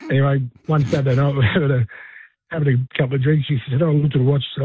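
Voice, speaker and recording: An Australian man rattles off his story over a tinny phone line. His voice is husky and slightly high. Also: racing. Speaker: caller. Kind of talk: telling an anecdote on radio.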